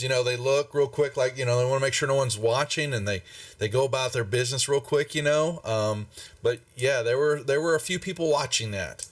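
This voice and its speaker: A man's voice: medium pitch, fairly bright tone, recorded from a distance. A man, narrating a tabletop game as game master in a casual, rambling way. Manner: casual and rambling, with many fillers.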